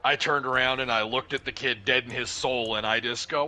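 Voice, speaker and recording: A man telling a profane, animated paintball story in casual chat, acting out what people said. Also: mid-range voice, a little fast. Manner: profane, animated, acts out dialogue.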